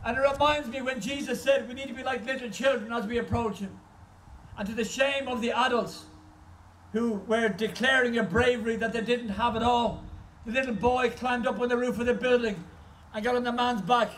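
A man's voice: very high voice, fairly even intonation, fairly quick, fairly bright tone, recorded from a distance, slight background noise, rough recording. A man preaching an impassioned sermon as a guest speaker, telling stories at an outdoor car park service.

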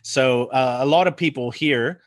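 A man in his forties from the United States with an American accent softened by New Zealand, chatting casually as a podcast guest and laughing often. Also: mid-range voice, unhurried, no room sound. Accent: American with New Zealand influence. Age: 40s. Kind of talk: casual chat.

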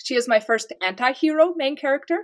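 A woman's voice: high-pitched, brisk. A woman from the United States, an author, chatting casually in an interview and telling stories with light laughter. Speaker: author guest.

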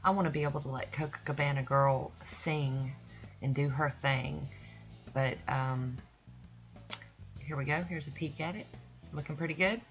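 Low voiced lady rambling thru a nail art tutorial, dull lo-fi audio, faint music behind. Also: fairly even intonation, normal speed, pauses often. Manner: rambling, folksy, loses her train of thought. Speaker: nail art channel host. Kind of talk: chatty tutorial voice-over.

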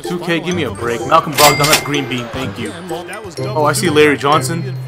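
A young man reacts loudly to his own basketball game, a touch high in pitch, shouting and half-singing whenever a play lands. Background music runs steadily under his voice. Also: fairly quick. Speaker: gaming YouTuber. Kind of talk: excited gameplay commentary.

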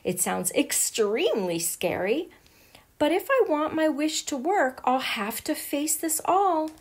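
A woman's voice: high voice, very animated, a little slow, pitched above the performer's own voice. A woman voicing a lonely little witch girl. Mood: nervous. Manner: wistful, sighing storybook voice. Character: small lonely young witch girl, hopeful.

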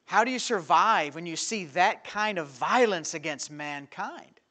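Male pastor with a bright, somewhat high voice, preaching animatedly in a church and moving between loud and hushed. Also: measured pace. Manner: animated preaching with rhetorical questions, swinging from loud to quiet. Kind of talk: evening sermon. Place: church sanctuary.

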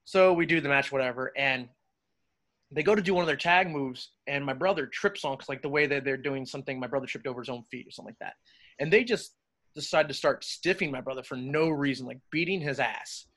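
A man, a wrestler guest on a podcast, telling stories casually with animated, profane energy. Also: mid-range voice, brisk. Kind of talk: casual interview storytelling.

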